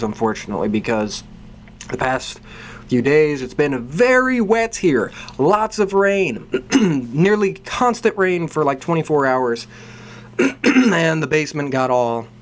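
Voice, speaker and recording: A man's voice: mid-range voice, slight background noise. A man hosting a let's play, chatting casually with self-deprecating asides. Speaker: gaming channel host. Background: soft game piano music.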